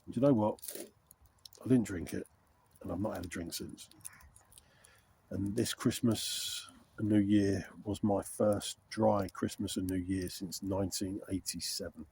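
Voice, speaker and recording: Deep-voiced man rambling outdoors. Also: steady tone, a little slow, gravelly, darkish tone, a little hiss or hum. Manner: candid, chatty, rambling with fillers. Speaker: wild camping vlogger. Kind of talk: casual rambling chat to camera. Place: outdoors in a frosty wood by a campfire.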